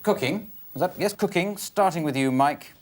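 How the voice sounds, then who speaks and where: A man hosting an improv comedy show, dry and wry, often pausing with fillers. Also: sits high. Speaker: game show host. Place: television studio with live audience. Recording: noisy studio with loud audience.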